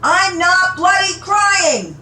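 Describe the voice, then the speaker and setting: Woman doing stressed pregnant young woman, shrill, tearful, higher voice, echoey room. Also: big pitch swings, slow, sharp tone, a little hiss or hum, full character voice. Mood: sobbing. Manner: shrill, sobbing protests.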